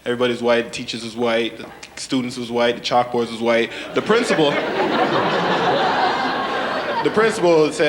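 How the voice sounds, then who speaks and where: A man's voice: medium pitch, unhurried, long pauses. A young man performing a stand-up routine, telling stories casually and acting out other people's voices. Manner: animated storytelling, acts out voices, says "man" a lot. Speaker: stand-up comedian. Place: comedy club stage. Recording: live club with loud crowd and noise.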